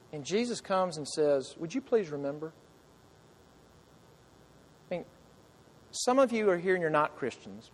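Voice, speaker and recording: A pastor with a high-pitched voice preaches earnestly to his congregation. He fires one question after another at his listeners, then drops into soft, quiet lines.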